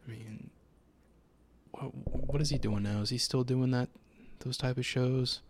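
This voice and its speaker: A man's voice: medium pitch, steady tone, unhurried, a little hiss or hum. A young adult man co-hosting a casual podcast, laid-back and hesitant, often trailing off mid-thought. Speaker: podcast co-host. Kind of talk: casual chat.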